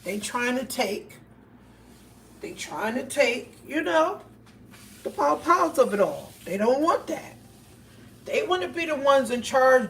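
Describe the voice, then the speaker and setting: A woman's voice: sits high, far from the mic. A woman hosting a casual livestream, telling stories emphatically and speaking straight to her viewers over a phone. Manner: emphatic storytelling, addresses viewers directly. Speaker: livestream host. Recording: voice a bit off mic, faint background noise.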